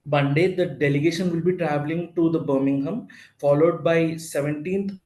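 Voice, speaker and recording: A man giving a briefing presentation, halting with many fillers. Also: fairly high pitch, steady tone, a little mellow, echoey room, low-quality recording.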